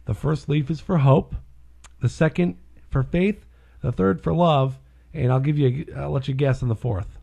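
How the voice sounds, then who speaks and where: A man co-hosting a casual talk show, chatting and telling jokes in an animated way. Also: a little high, normal speed, creaky, lo-fi sound. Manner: animated, gets loud and lively telling jokes. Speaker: podcast co-host. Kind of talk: casual chat and joke telling.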